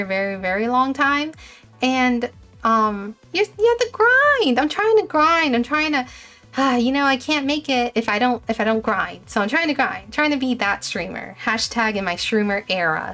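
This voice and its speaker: A woman's voice: on the high side, fairly bright tone. A young woman streamer chatting casually while playing, rambling with frequent fillers and restarts. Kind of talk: casual gameplay commentary and game dialogue read-aloud.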